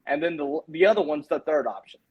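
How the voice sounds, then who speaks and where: Slightly high-pitched guy, animated, arguing hoops on a home mic. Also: gravelly, highs cut off, over a noisy crowd. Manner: animated, opinionated, talks in quick restarts. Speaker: sports blogger. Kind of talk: casual group chat over video call.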